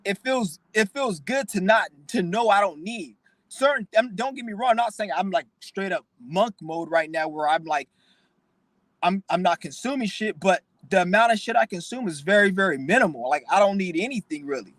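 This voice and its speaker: A man's voice: sits high, animated, normal speed, fairly bright tone, dry recording, poor audio. A young man hosting his own channel, ranting bluntly and profanely in a preachy, emotional way. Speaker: channel host. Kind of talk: casual vlog rant.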